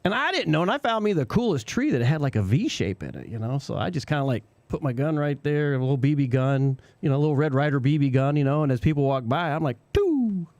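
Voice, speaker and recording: A man's voice: fairly high pitch, quick pace, hardly any pauses, no room sound. A man co-hosting a radio show, telling a childhood story in a casual chat and laughing often as he goes. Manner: laughs often while telling stories, animated. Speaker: co-host. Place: radio studio.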